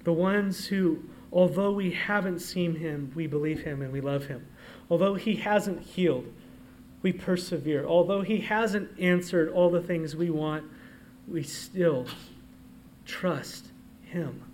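A man preaching a sermon as pastor. He moves from quiet asides to loud, emphatic declarations and reads scripture aloud. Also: fairly high pitch, slow, slight background noise.

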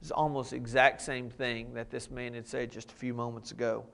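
A man's voice: medium pitch, flat delivery, brisk, gravelly, a bit bright. A man preaching a sermon, reading scripture and explaining it in a plain, conversational way. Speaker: pastor.

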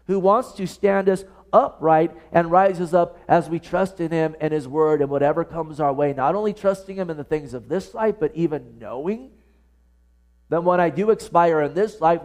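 A man's voice: fairly high pitch, a little mellow. A pastor preaching a sermon to his congregation, earnest and full of direct questions to his listeners. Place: church service.

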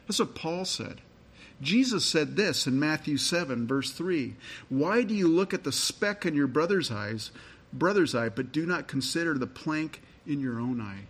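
Man, pastor, sermon, husky voice, slightly high-pitched, conversational storytelling. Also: expressive, measured pace. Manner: conversational storytelling with scripture reading.

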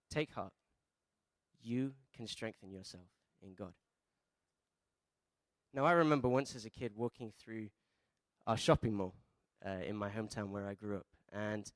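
A man preaching a sermon, asking the congregation questions and calling for responses, shifting between soft asides and loud emphatic peaks. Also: on the low side, dry recording. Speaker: pastor.

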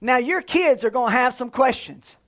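A man in his thirties preaching a sermon in a lively, conversational way, with jokes and playful sound effects. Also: extremely high pitch, moderate pace. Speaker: pastor.

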